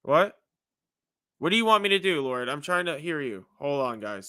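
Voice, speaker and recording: A man preaching casually on a livestream, asking God questions aloud and chatting with viewers, with swings from loud declarations to hushed apologies. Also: on the high side, very animated, normal speed, clean tone, no echo, clean studio sound. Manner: casual, chatty with viewers, uses "dude" and "you know". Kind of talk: casual livestream testimony and prophecy.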